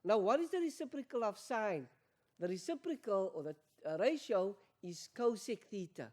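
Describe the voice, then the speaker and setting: A woman's voice: mid-range voice, lively intonation, normal speed, darkish tone. A woman teaching an exam revision maths lesson, repeating key points and quizzing learners with questions. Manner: addresses learners as guys.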